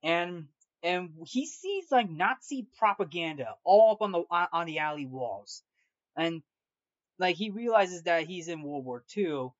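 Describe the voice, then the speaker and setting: A man's voice: high voice, animated, unhurried, no echo. A man talks through a film's plot in loose, chatty fashion, circling back on his words and leaning on fillers. The sound is dull and a little lo-fi, with a dry, close feel and no room around it. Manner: rambling, with many restarts and repeated "like". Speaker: movie review show host. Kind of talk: casual film recap.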